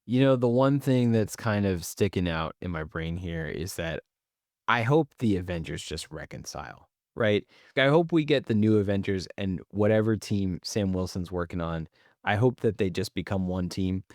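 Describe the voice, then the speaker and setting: A man co-hosts a casual review podcast, giving candid, jokey opinions in an easygoing way. His voice sits somewhat low. The sound is dry and close to the mic. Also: moderate pace, no room sound. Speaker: podcast co-host.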